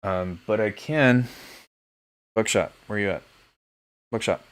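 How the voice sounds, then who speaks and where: A man hosting a live stream from home as a music producer, chatting casually in a relaxed, joking way. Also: fairly low pitch, slow pace. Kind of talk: casual livestream chat.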